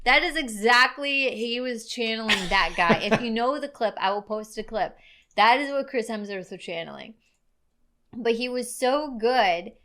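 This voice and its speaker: Bright, chatty woman reviewing a movie. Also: on the high side, normal speed. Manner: chatty, laughs often. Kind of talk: casual chat.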